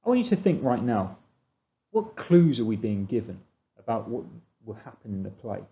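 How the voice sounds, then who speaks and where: A man's voice: lowish voice, sing-song, moderate pace, dull audio. A man explaining a literature text in a revision lesson, asking questions and answering them himself. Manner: explanatory, asks and answers his own questions. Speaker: teacher.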